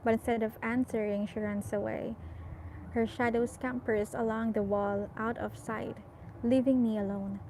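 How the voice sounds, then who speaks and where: A woman narrates a novel in a calm, measured way. Her voice sits a touch higher than most, and she colors the tense moments with soft expression. The recording is clean and close. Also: slight background noise, rough recording. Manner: measured, softly expressive storytelling. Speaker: audiobook reader. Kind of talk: reading a novel aloud.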